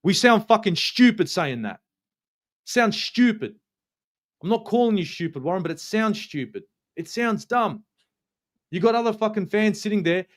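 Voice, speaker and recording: Ranting Australian man, slightly high voice. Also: expressive, moderate pace. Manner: ranting, swears a lot, repeats himself for emphasis. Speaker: football channel host. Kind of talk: heated fan match review.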